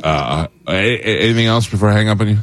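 A middle-aged man, a former sports reporter, telling animated stories in casual chat, his voice jumping up when he gets excited. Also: quick pace. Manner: animated, jumps high in pitch when excited.

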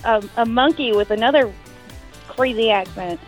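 A woman in a radio phone call speaks in a high voice, hesitant and laughing, with lots of fillers. Faint music plays under the call. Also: normal speed. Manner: laughing, hesitant storytelling with many ums and likes. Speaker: caller.

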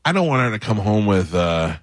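A man's voice: fairly low pitch, very animated, a little fast, no room sound, clean studio sound. A middle-aged man hosting a casual interview, asking blunt, jokey questions. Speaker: radio host.

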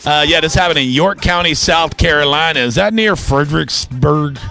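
A man's voice: on the high side, normal speed, vocal fry, bright, forceful tone, faint music behind. A man hosting a radio show, bantering and reading odd news stories in a loose, teasing way. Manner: joking, teasing, reads news items loosely. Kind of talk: casual morning radio banter.

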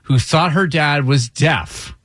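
A man's voice: fairly high pitch, slow pace, a bit bright, no room sound, studio quality. A man hosting a morning radio show, joking and laughing between bits. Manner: jokey, laughs often. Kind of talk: casual radio banter.

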